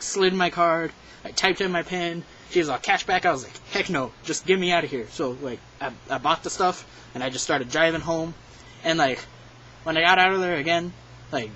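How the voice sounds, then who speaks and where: A teenage boy telling a story in a casual, rambling way, with lots of "like" and "um" and animated quotes. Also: fairly high pitch, dull audio, slight background noise. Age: teens.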